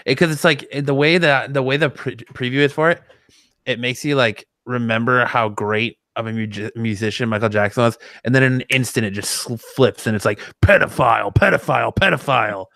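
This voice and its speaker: A man's voice: medium pitch, steady tone, brisk, fairly bright tone, no echo, clean studio sound. A man hosting a casual podcast chat, loose and rambling, often restarting his sentences. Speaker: podcast host.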